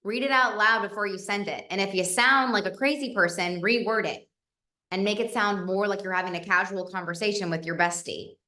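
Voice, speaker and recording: A woman's voice: medium pitch, brisk, sharp tone, reverberant. A woman leading a casual team training, chatty and coaching, acting out example messages.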